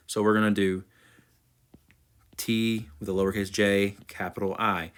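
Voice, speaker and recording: A man's voice: lowish voice, steady tone, moderate pace, a bit bright. A man teaching choir diction, patiently sounding out words syllable by syllable. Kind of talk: instructional diction walkthrough.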